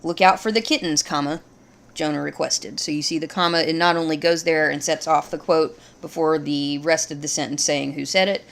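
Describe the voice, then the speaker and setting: Woman, low gravelly voice, patient grammar teacher walking through examples. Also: moderate pace. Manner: steady, explains step by step. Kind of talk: grammar lesson.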